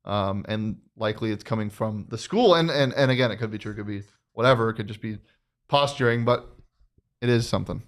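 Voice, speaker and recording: A man co-hosting a casual sports talk show, talking in quick bursts with many restarts. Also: on the low side. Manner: animated, restarts, laughs often. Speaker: co-host.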